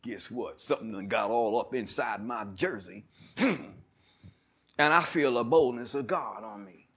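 A male pastor preaching a sermon, moving between loud shouts and quiet asides, leading the congregation in call-and-response and telling stories with laughter. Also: mid-range voice, a little slow, slightly rough. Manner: animated preaching, swings from loud shouts to murmurs.

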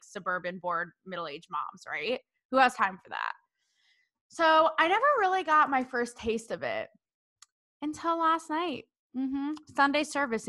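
A woman's voice: mid-range voice, sharp tone. A young woman hosting her podcast, talking in a casual, exasperated monologue and swearing freely. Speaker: podcast host.

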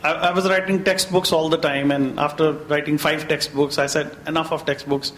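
A man with an Indian English accent shares stories as a chef on a panel, his voice sitting high for a man. He talks chattily and drops in Hindi phrases. The sound is echoey, with a faint hum beneath it. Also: flat delivery, normal speed, a bit bright. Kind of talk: anecdotal storytelling.

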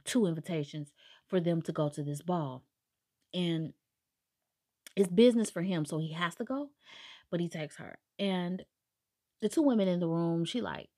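A woman's voice: deep voice, warm tone. A woman casually recapping a novel's plot, chatty and sarcastic, acting out the characters' lines as she goes. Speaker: book reviewer.

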